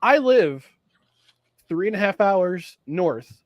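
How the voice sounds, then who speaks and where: Animated higher-voiced man in casual sports chat. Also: takes it slowly, no echo, studio quality. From upstate New York. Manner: animated, restarts his sentences often. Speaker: podcast co-host.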